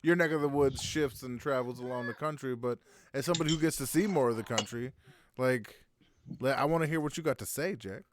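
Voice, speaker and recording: A man hosting a casual group voice chat, loud and joking, asking the others questions. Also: medium pitch, fairly quick, noisy background.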